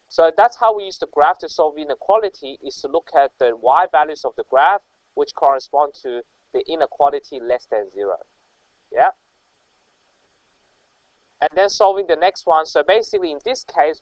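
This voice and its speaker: A man walks through a math lesson patiently, pausing to check understanding with quick "right?"s. His English has a slightly non-native phrasing. The voice sits a touch high, and the audio is dry and a little muffled. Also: no room sound. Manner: explaining step by step with frequent check-ins. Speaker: math tutor.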